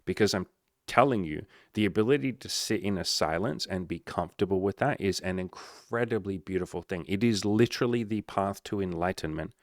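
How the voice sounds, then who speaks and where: A man's voice: deep voice, a little fast, no echo, clean studio sound. A man giving blunt, profane dating advice as a coach, often acting out little dialogues. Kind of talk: casual advice monologue.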